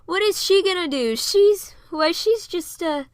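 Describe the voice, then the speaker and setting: A woman voicing a young man who speaks in a hesitant, halting way, reading fan fiction aloud. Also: very high-pitched, animated, no room sound, clean studio sound, pitched above the performer's own voice.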